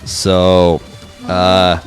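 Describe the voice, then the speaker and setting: A man's voice: sits low, completely flat delivery, drawn-out words, soft background music. A man hosting a studio interview live stream, upbeat and chatty, reading out viewer comments. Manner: upbeat, reads chat comments aloud. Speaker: host.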